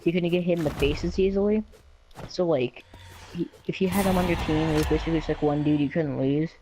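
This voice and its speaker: A man's voice: a little high, fairly even intonation, quick pace. A man casually telling a personal story in a rambling way, filling his talk with lots of "like" and "um". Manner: rambling, filler-heavy with lots of "like" and "um". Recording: noisy home recording.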